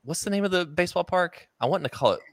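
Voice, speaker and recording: A man's voice: high-pitched, animated, quick pace, no echo. A man hosting a casual chat, easygoing and enthusiastic as he listens and tells his own stories.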